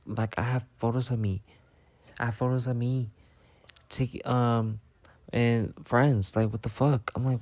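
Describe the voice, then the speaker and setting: A young man recounts gossip in a casual, profane, dramatic story-time monologue, peppered with "I'm like" retellings. His voice sits at medium pitch with fairly even intonation, a moderate pace, and a slightly mellow quality, and there's no room sound.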